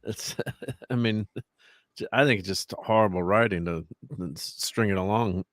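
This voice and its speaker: A low-pitched man chatting casually as a podcast co-host, rambling and laughing often. His voice is recorded dry and close, with little room sound. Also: normal speed, dry recording. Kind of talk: casual chat.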